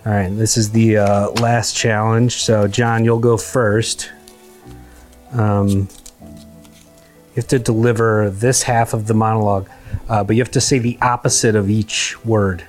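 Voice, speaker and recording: A man's voice: fairly low pitch, little pitch movement, measured pace, faint music behind. A man hosting a comedy podcast, running a game with playful, bouncy patter. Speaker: podcast host.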